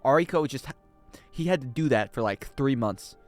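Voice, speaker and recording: Animated joking man streaming a game. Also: mid-range voice, normal speed, faint music behind. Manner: joking, swings between loud outbursts and mumbled asides. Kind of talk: casual livestream chat while gaming.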